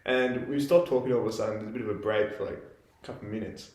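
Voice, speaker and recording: A man's voice: lowish voice, steady tone, fast, darkish tone. A young Australian man telling a camping story in a rambling, laid-back way, full of "like" fillers, as a podcast co-host. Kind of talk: casual storytelling. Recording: roomy echo.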